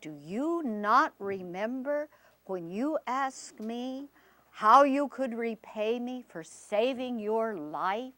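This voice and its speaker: A woman storyteller voicing a calm, dignified male magical deer who speaks slowly and gravely. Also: on the high side, dry recording. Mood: reproachful. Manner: slow, grave and reproachful.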